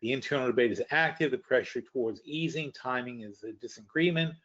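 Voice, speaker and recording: A man's voice: mid-range voice, fairly quick, fairly bright tone. Blunt man thinking aloud, dull lo-fi audio. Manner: thinking aloud, blunt and profane, trailing off and restarting. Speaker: webinar host. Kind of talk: casual live market commentary.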